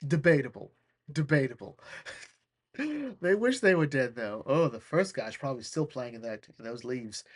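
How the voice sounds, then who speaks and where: A podcast host retelling a cartoon episode as comedy, rambling through jokes and asides. The voice swings widely in pitch, lively and animated, with a loose, conversational delivery. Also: normal speed. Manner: rambling, joking, often laughing.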